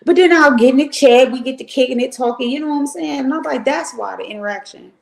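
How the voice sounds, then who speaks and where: Gravelly, blunt middle-aged woman streamer. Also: high-pitched. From Cleveland, Ohio. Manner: blunt, profane and animated, with drawn-out asides. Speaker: livestream commentary host. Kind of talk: casual livestream commentary.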